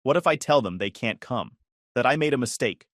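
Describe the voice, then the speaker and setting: A man's voice: medium pitch, animated, brisk, fairly bright tone, no echo, close to an everyday voice. A tearful young woman, as a man narrator puts her on, begs in a lifted, wavering voice. Her lines rise and fall with feeling, and the sound is close and dry. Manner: pleading, sobbing.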